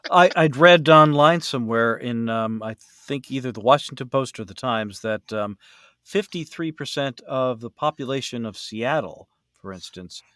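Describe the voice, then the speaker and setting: A man from the US East Coast co-hosting a podcast, his pitch rising and falling a lot as he talks. He speaks haltingly, filling gaps with ums and uhs, on a dry recording with no room sound. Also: expressive, fairly bright tone, no echo. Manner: hesitant, lots of ums and uhs. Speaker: podcast co-host. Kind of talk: casual chat.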